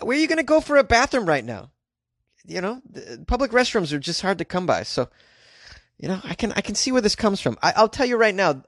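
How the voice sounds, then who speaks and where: A young adult man hosting a comedy podcast from a closet, riffing in an animated, self-mocking way. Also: fairly high pitch, no echo, clean studio sound. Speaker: podcast host.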